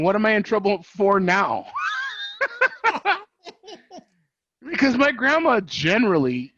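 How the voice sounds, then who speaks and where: A podcast host with a slightly high, creaky, pushed and bright voice tells a childhood story in casual chat. He curses, laughs and slips in Spanish phrases, and the lo-fi audio is dry and dull with no echo.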